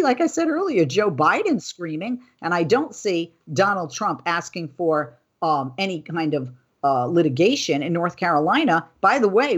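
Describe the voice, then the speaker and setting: A woman hosting a news commentary show, reading political quotes and then riffing on them in an animated, indignant way. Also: on the low side, breathy edge. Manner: animated, indignant, talking off script. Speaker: host.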